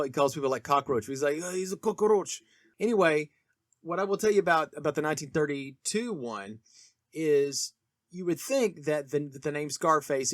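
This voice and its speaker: A man's voice: a little high, a bit bright, dry recording, clean studio sound. A man co-hosting a casual film discussion podcast, rambling with many restarts and fillers. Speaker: podcast co-host.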